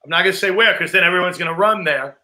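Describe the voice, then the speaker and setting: A man co-hosts a casual podcast chat and tells rambling stories, acting out quotes along the way. His voice sits high and sounds very bright, almost sharp. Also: rapid-fire, slight background noise. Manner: rambling anecdote teller who acts out quotes. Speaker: podcast co-host.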